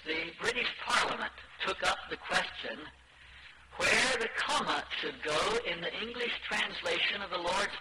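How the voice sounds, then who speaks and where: A man giving a scholarly lecture on translation, speaking in a measured way with shifting emphasis. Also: high voice, roomy sound, very noisy.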